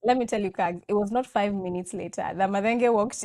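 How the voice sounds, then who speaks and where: A woman in her thirties, speaking as a guest in a relaxed conversation. She talks in a chatty, storytelling way and acts out the lines other people said. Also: mid-range voice, fairly quick, few pauses. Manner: chatty anecdotal storytelling, acting out quoted lines. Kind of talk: casual chat.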